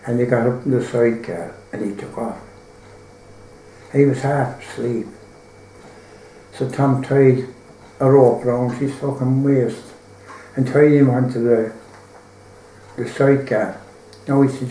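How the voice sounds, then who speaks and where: A man's voice: mid-range voice, measured pace, long pauses, mellow, reverberant, a little hiss or hum, poor audio. An Irish man telling a folk tale in a rambling, colloquial way, full of swearing. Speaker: storyteller.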